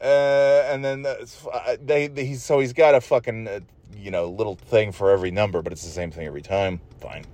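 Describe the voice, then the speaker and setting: A man's voice: fairly low pitch, fairly even intonation, a little fast, hardly any pauses, darkish tone. A man hosting his own show, ranting in a profane, exasperated, rambling way while sitting in a car. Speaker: podcast host. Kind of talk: solo rambling rant.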